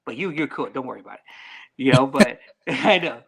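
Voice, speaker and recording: A man as a podcast guest in casual chat, talking bluntly with lots of swearing and animated swings in delivery. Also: mid-range voice, brisk, vocal fry, slightly rough.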